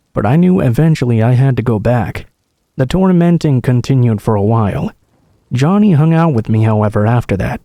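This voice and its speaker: Mellow man narrating a scary story. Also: medium pitch, no room sound, rough recording. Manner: measured, somber storytelling. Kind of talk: scripted first-person narration.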